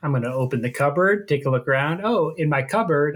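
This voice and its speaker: Husky wisecracking man, a bit higher. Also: lively intonation, fast. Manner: dry, wisecracking. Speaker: trivia player, co-host. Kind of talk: casual podcast banter.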